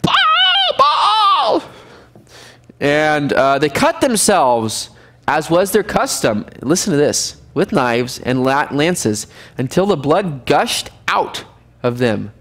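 A man teaching a casual Bible survey class as pastor, lively and animated, acting out scenes now and then. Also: slow pace. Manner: lively, animated, acts out scenes with sudden high shouts and laughs. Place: church fellowship room.

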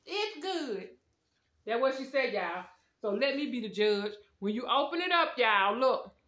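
Chatty bright-voiced woman reviewing snacks. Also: on the high side, animated, normal speed. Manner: chatty, talks straight to viewers with slang. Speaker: food review vlogger. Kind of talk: casual snack review talking to viewers. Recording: echoey room.

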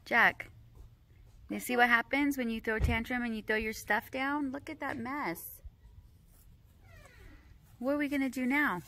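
A woman's voice: a little high, a little slow, pauses often, bright, forceful tone. A woman, a mother vlogging her morning and talking to her toddler outdoors. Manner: chatty, scolding then coaxing her toddler. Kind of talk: casual family vlog. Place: outdoors by a street.

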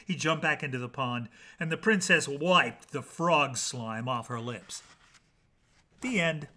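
A man reading children's bedtime stories aloud in an animated, playful way with dramatic pauses. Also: mid-range voice. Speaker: storyteller.

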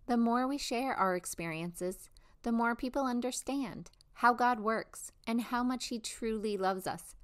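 A woman's voice: medium pitch, a bit bright. A woman hosting a devotional testimony show, reading scripted narration in an earnest, encouraging way. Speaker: host of a faith testimony show.

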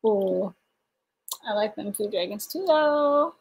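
A woman's voice: medium pitch, lively intonation, measured pace, creaky, darkish tone. A woman hosts a casual livestream from home. She rambles cheerfully, laughs between sentences and reads viewers' comments aloud. Her voice sits in an ordinary middle range. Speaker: livestream host.

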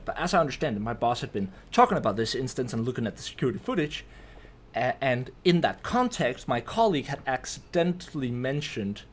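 A man hosting a casual storytime vlog, rambling through a story with restarts and frequent tag questions. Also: medium pitch. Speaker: YouTube host.

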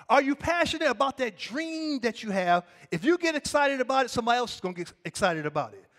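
A man's voice: very high voice, fairly bright tone. A middle-aged man preaching a sermon as pastor, calling for the congregation to repeat after him, his cadence rising and dropping.

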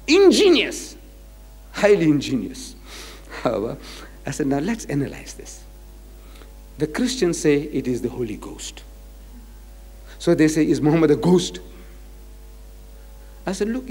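A man giving a lively religious lecture, emphatic and repetitive as he cites scripture. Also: on the high side. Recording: echoey lecture hall.

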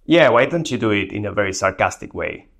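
Man, tech video host, casual instructive tone, fairly low pitch. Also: lively intonation, fairly quick, vocal fry, fairly bright tone. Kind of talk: casual screen demo narration.

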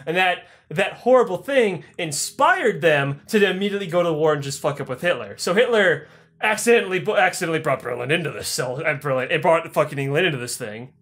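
A man retelling history for comedy in a profane, rambling, animated way. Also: fairly high pitch, a little fast. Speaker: podcast host.

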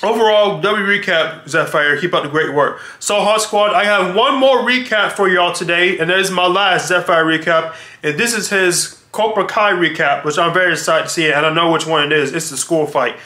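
A man's voice: high-pitched, moderate pace, few pauses, pushed and bright. A man hosting a reaction video, talking casually and laid-back, repeating himself with fillers. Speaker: reaction channel host. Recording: echoey room.

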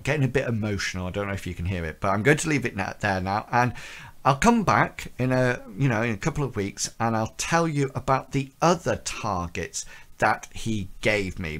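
Man telling a personal story. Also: mid-range voice. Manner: animated retelling, voice lifting with tension. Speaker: vlogger.

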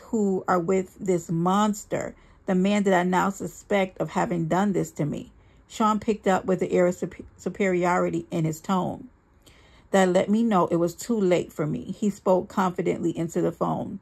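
A woman reads a dramatic first-person story aloud in a husky voice with plenty of creak. Her delivery is earnest and emphatic, and she slows down to give weight to key lines. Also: on the low side, steady tone, darkish tone. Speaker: reader.

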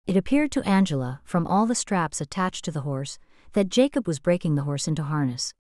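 A woman narrates an audiobook in a steady, measured reading voice. Her pitch sits on the low side, and the sound is dry and close, with no room around it. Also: no echo. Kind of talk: scripted narration.

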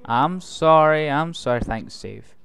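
A man's voice: a little high, animated, slow, vocal fry, noisy background. A man recording let's play commentary, joking and talking back to the game's characters. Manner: jokey, talks back to game characters. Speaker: gaming video host.

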